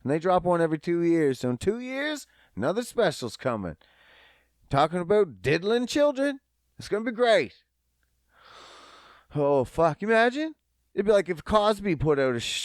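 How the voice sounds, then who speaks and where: A young man rants alone on his podcast, profane and rambling, often laughing at his own jokes. His voice is fairly high and leaps all over the place. The sound is dry and close. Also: very animated, moderate pace, no echo. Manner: profane, rambling, self-mocking. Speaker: podcast host. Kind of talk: solo comedic podcast rant.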